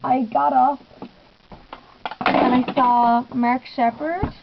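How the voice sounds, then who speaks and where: Young female vlogger, higher voice, excitable and giggly storytelling, dull home recording. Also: slow pace, creaky, background noise. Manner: gushing, giggly, lots of "I was just like". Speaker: fan vlogger. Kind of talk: casual storytelling vlog.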